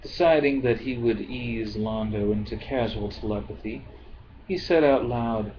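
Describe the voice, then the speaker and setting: A man reading a novel aloud in a slow, calm way, as an amateur audiobook reader. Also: mid-range voice, muffled recording, a little hiss or hum. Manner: slow, calm, apologetic about his accents.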